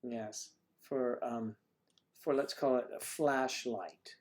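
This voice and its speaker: A man's voice: medium pitch, steady tone, takes it slowly, a little hiss or hum. A man hosting a casual livestream chat with viewers, rambling and joking with lots of fillers.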